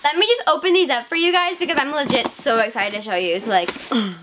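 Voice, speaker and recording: A teenage girl vlogging casually to camera, gushing and excitable, full of "like" and "legit.". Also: a little high, a little fast, heavy background noise. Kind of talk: casual haul vlog.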